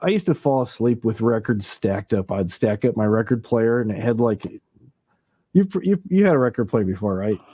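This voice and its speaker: A man's voice: on the low side, expressive, moderate pace, mellow, slightly rough, no room sound, studio quality. A man hosting a late-night livestream, rambling casually, laughing easily and imitating sounds as he reminisces. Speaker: livestream host. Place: home livestream setup.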